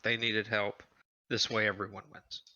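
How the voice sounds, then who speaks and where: A man calmly playing a church character in a tabletop game. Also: fairly low pitch, normal speed, dry recording, lo-fi sound. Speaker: player.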